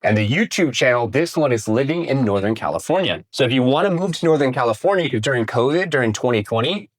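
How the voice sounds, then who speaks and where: A man giving a casual, energetic workshop talk on real estate marketing, asking the audience questions and swearing now and then. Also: medium pitch, fast. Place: room with a live audience.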